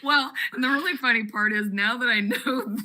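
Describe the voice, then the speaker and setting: Female podcast host; crisp, forceful brightness, loose and profane in casual chat. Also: on the high side, normal speed.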